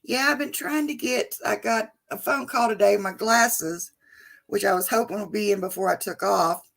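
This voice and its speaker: A woman's voice: mid-range voice, moderate pace, vocal fry, fairly bright tone. A middle-aged woman hosting a casual livestream chat, chatty and greeting viewers by name with endearments like sweetheart and honey. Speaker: livestream host.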